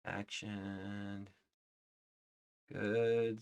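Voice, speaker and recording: Guy streaming himself coding, kinda low voice, mumbling thru a list and trailing off. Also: lively intonation, slow, long pauses. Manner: murmurs item names while checking code, often trailing off quietly. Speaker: livestreaming software developer. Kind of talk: casual live-coding commentary.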